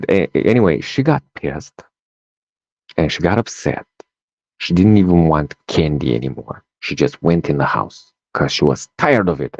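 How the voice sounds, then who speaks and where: Deep-voiced man. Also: no room sound. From Romania. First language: Romanian. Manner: animated storyteller, acts out dialogue, tags lines with "right?". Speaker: guest, life coach. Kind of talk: personal storytelling in a podcast interview. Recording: dull, dry sound.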